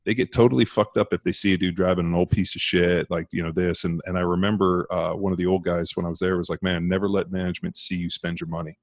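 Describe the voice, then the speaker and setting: A man with a very low voice rattles through stories at a quick clip, swearing freely in casual podcast talk. His voice sits close and dry, with no room around it. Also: fairly even intonation, no echo. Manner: profane, rapid storytelling. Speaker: former pro football player, podcast guest.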